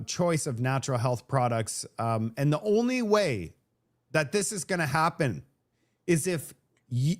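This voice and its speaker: A man from Canada whose first language is French, hosting a live stream in casual chat, rambling with many restarts and fillers. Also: on the high side. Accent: Vancouver French-Canadian. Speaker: host of a live show.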